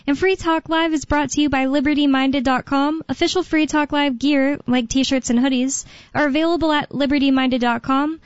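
A woman's voice: sits high, fairly even intonation, normal speed, few pauses, no room sound, muffled recording. A young woman co-hosting a talk radio show, chatting casually and thinking aloud with lots of fillers.

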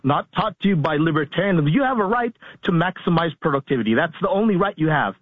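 A male caller lecturing in a halting way, with many restarts, on a call-in radio show. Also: fairly high pitch, expressive, no echo. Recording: tinny phone line.

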